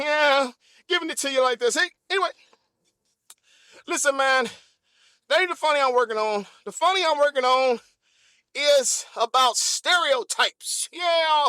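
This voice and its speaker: A man hosting an improvised comedy podcast, telling a story in an animated, repetitive way. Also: extremely high pitch, no echo, studio quality. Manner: animated, repetitive, laughs often. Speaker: podcast host.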